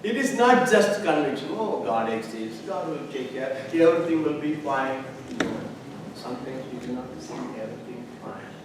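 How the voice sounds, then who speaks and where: A male pastor giving a conversational sermon, shifting between quiet storytelling and loud, emphatic passages. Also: mid-range voice, lively intonation, moderate pace. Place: church sanctuary. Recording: echoey church from a distant mic with noise.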